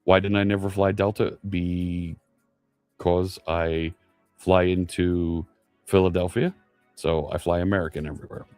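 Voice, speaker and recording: Middle-aged male streamer, lower voice, loose and chatty with viewers, faint music bed underneath. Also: little pitch movement, a little slow, a little mellow. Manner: chatty, reads chat aloud, many fillers. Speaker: live coding streamer. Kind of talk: casual live stream chat with viewers.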